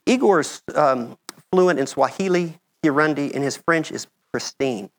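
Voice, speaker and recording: A man's voice: fairly high pitch, measured pace. A middle-aged American man giving a conversational talk with slides in a lecture room, often checking in with "okay?". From United States. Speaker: medical mission speaker.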